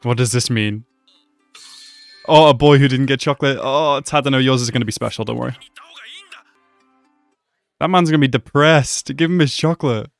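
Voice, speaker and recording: A young man giving casual, excitable commentary as he reacts to an anime episode, talking back at the screen. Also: mid-range voice, normal speed, vocal fry, pauses often, faint music behind.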